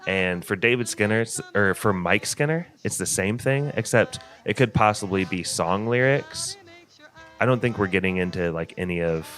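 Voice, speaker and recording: A man's voice: lowish voice, moderate pace, a bit bright, soft background music. A man with a Northern Indiana accent who hosts a podcast and runs a trivia game with energy, often laughing as he talks. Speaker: podcast host. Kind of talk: casual chat.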